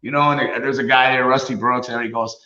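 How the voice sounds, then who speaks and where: Middle-aged guy telling wild stories, laughs a lot, bright voice, echoey room. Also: mid-range voice, fast talker. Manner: animated storyteller, laughs often, acts out quotes. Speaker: guest, retired wrestler. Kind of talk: casual storytelling interview. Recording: roomy, dull lo-fi sound.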